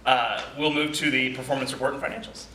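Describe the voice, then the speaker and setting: A man's voice: mid-range voice, steady tone, quick pace, crowd noise. A man chairing a board meeting, easygoing and a little apologetic as he runs through procedure. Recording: echoey room with clear background noise.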